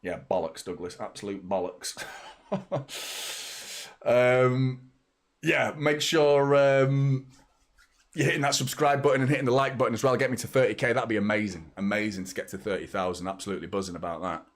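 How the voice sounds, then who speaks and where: A man in his thirties hosts a live football watchalong stream, chatting casually and rambling while reading out viewers' super chats. His voice is mid-range and moves at a normal speed.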